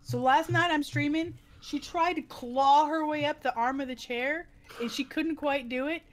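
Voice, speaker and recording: A woman's voice: high voice, normal speed. A woman chatting with friends on a voice call while gaming, telling funny stories with lots of laughter. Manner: giggly, animated storyteller. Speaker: streamer playing with friends. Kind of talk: casual storytelling chat.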